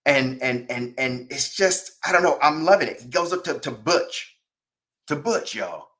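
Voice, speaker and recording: A man hosting a podcast, chatting casually about wrestling, rambling with many fillers and restarts and rising excitement. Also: mid-range voice, moderate pace. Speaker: podcast host.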